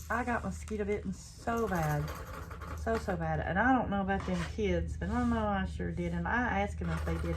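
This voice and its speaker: An older woman tells chatty, rambling stories as she works at a craft for her channel. Her voice sits at a middling pitch. She talks in a loose, homey way and drifts off track often. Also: slight background noise. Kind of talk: casual chat while crafting.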